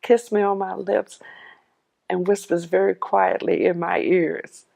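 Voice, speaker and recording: Animated woman telling her own story. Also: lowish voice, measured pace, vocal fry. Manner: animated, hushes her voice when quoting others; laughs often. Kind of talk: personal testimony storytelling.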